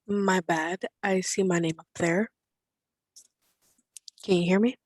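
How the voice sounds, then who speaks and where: A woman's voice: lowish voice, steady tone, takes it slowly, no room sound. A teenage girl from Florida, giving angry, confrontational public comment over a remote video call and speaking bluntly with some swearing. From Florida, USA. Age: teens. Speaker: public commenter at a school board meeting.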